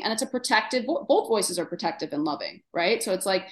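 In a reverberant space, this nutritionist co-host talks a little fast with hardly any pauses, her medium-pitched voice expressive. It's a casual podcast chat, and she fills it with fillers and chatter, performing her inner voices in quotes.

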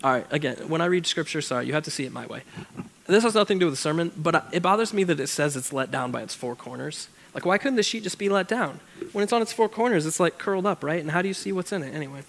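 A man's voice: fairly high pitch, expressive, fast talker, creaky, fairly bright tone, a little hiss or hum. A young man preaching a casual sermon, reading scripture aloud and breaking off into chatty, joking asides. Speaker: pastor.

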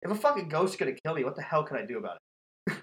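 A man's voice: on the high side, sing-song, very fast, poor audio. A man hosting a podcast, telling a scary story in casual, profane chat and laughing often. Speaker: podcast host.

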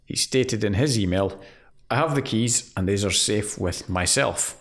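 A man's voice: lowish voice, measured pace. A man co-hosting a casual chat about an employment law case, reading out case details in a dry, wry way. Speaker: podcast co-host.

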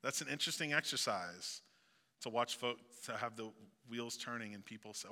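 A man's voice: mid-range voice, animated, a little fast, pushed and bright. A male pastor with a Southeast Missouri accent, preaching a sermon in a conversational way with joking asides. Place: church sanctuary. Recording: long hall reverb.

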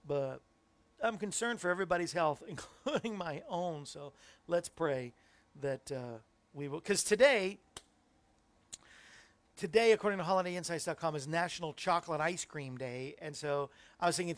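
A man's voice: on the high side, dry recording. A middle-aged man hosting a Christian talk show, chatting casually and rambling as he talks to viewers in the chat. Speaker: host.

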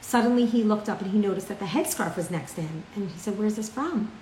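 Woman, chatty teacher narrating a story lesson; average pitch, echoey room. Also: quick pace, dark tone. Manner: chatty, with frequent fillers. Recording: roomy with faint ambient noise.

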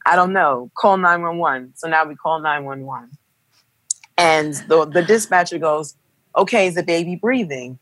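A woman's voice: deep voice, moderate pace, no room sound. Dry-sounding young woman telling a story. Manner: animated, acts out quoted voices. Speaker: guest telling a birth story. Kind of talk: casual storytelling.

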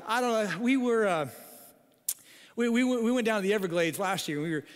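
A man's voice: sits high, a little fast. A middle-aged man, a pastor, telling a funny family story in a sermon, with frequent "okay?" asides. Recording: long hall reverb.

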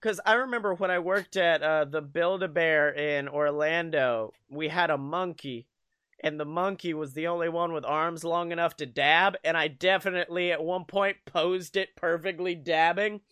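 A man's voice: on the high side, steady tone, moderate pace, a bit bright, smooth, no echo. A young man co-hosting a podcast, joking and laughing often as he tells stories in casual chat. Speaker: podcast co-host.

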